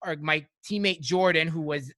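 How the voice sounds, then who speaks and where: High bright-voiced chatty man. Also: moderate pace, no echo. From Montreal, Canada. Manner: rambling, lots of "like" and "you know". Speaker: podcast host. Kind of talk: casual chat, storytelling.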